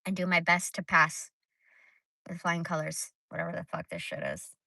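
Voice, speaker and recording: A woman's voice: on the low side, sing-song, normal speed, gravelly, sharp tone, no echo. A woman hosting a casual livestream, ranting bluntly and swearing freely. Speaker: livestream host.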